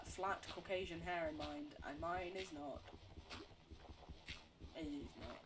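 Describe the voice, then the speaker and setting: Low-voiced chatty woman streamer. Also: slight background noise. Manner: rambling, chatty, laughs often, self-deprecating; responds to chat between game talk. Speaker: livestreamer. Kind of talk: casual gameplay chat with viewers.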